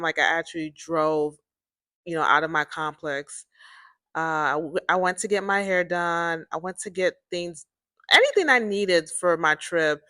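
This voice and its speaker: A woman's voice: on the low side, fairly bright tone, dry recording, studio quality. A woman hosting her own series, telling a personal story in a casual, rambling way, repeating herself and talking to listeners as "y'all.".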